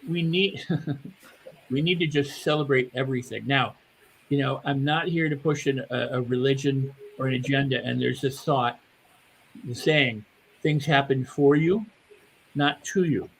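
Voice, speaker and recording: An older man speaking as a mindset coach on a panel, animated and acting out the inner voices of his listeners. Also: medium pitch, unhurried, slightly rough, poor audio. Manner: animated, acts out inner voices, repeats words. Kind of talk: motivational panel talk.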